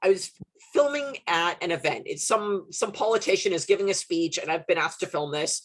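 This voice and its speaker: A young woman from Canada hosts a podcast in casual chat. She is an animated storyteller whose pitch swings widely, and her voice is a little husky. She swears freely and laughs often as she talks. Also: normal speed. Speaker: podcast host.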